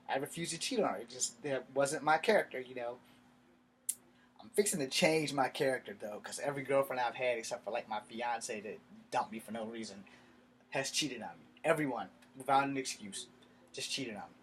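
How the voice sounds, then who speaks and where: A man's voice: mid-range voice, a bit bright. A man telling a personal story in a blunt, profane, rambling way, with faint noise in the background. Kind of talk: casual storytelling vlog.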